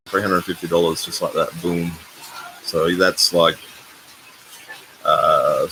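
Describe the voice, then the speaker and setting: A man in his sixties, hosting a casual live stream and rambling as he thanks donors by name. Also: deep voice. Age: 60s. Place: residential complex in Bali. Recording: noisy ambient background.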